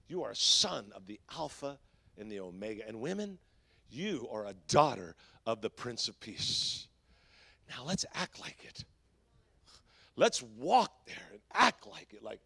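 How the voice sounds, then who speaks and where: A man preaching a sermon as pastor, swinging between loud bursts and hushed lines in a chatty way. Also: medium pitch, lively intonation, a little slow, vocal fry, no room sound. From Southern California. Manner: swings from shouting to hushed, conversational with fillers.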